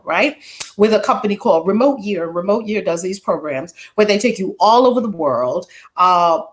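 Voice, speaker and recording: A woman author hosting a casual livestream, exuberantly calling out greetings to viewers by name. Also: mid-range voice.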